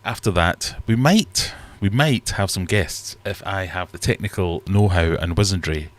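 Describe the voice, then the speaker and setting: Deep-voiced man hosting a stream. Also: unhurried. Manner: rambling, self-deprecating, reads chat aloud. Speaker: livestream host. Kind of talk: casual livestream chat. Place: fish room at home.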